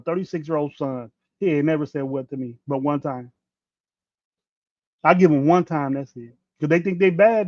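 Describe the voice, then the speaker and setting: On a sports podcast livestream, the host, a man in his fifties, rants bluntly with lots of profanity and rambling restarts. His fairly high voice is a little mellow, with no room sound on the dull, dry lo-fi mic.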